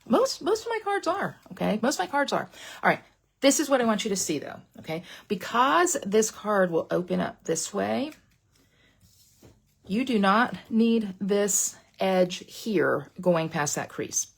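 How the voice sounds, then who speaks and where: Middle-aged woman, husky and gravelly, rambling craft instructor on a webcam. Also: mid-range voice, measured pace. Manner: chatty and rambling, drops to a whisper when excited. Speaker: card-making instructor. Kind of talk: live online crafting class. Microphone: webcam at a craft desk.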